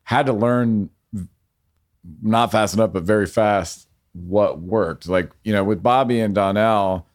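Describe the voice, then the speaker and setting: Low-voiced man reflecting thoughtfully. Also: a little slow. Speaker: guest filmmaker. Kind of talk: casual interview chat.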